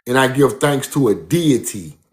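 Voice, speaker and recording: A man's voice: mid-range voice, expressive, moderate pace. Emphatic man giving a casual lecture. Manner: emphatic, repeats himself, addresses listener as bro. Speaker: speaker giving a talk. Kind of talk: casual street-style lecture.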